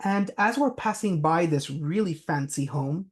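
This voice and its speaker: A man's voice: on the high side, a little slow. A man giving a business talk, telling anecdotes with frequent fillers. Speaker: presenter.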